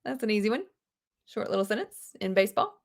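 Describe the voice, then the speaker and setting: Chatty teacher on a video call. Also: female voice, medium pitch, fast, gravelly. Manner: lively, chatty, gasps with delight, quotes movie lines in put-on voices. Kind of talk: live online class, casual teaching.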